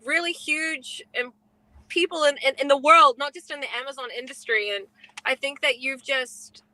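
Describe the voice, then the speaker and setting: A woman's voice: high voice, normal speed, pushed and bright, no echo, poor audio. A woman co-hosting a podcast, talking in an effusive, gushing way with many fillers. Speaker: co-host. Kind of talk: casual podcast chat.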